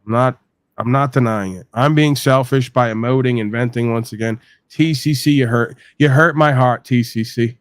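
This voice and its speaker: A man's voice: mid-range voice, normal speed, dry recording, clean studio sound. A man from New York hosting a podcast, talking in a crude, rambling, profane rant and venting. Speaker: podcast host. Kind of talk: profane ranting monologue.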